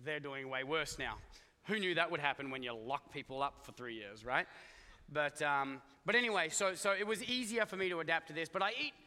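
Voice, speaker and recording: A middle-aged Australian pastor delivers a chatty, joking, conversational sermon full of asides to his congregation, recorded in an echoey church hall. His voice is on the high side, expressive, pushed and bright, and a little fast.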